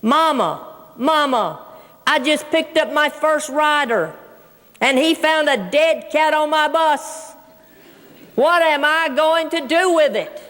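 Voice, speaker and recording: A woman voicing her panicked teenage son, a stubborn and soft-hearted boy who pleads and insists. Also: very high-pitched, animated, slow pace, in a large hall, heavily acted. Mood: frantic.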